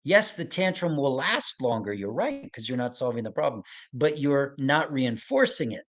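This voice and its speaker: A middle-aged man leads a parenting webinar in a calm, gentle way. He repeats key phrases so that they sink in and often checks in with the listeners. His pace is patient and he explains things slowly. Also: mid-range voice. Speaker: autism expert presenting a webinar.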